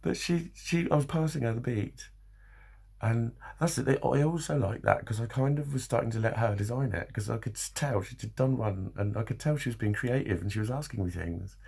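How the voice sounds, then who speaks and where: A man's voice: mid-range voice, brisk, vocal fry, a little mellow, husky. A man vlogging in a loose, rambling monologue, swearing a lot and laughing often.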